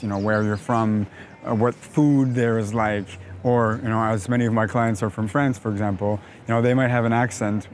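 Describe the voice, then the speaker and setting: A man with a North American accent, an English coach explaining pronunciation in a measured, emphatic teaching manner. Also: medium pitch, a little hiss or hum. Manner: measured, emphatic teaching delivery with frequent "now". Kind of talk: explanatory video lesson.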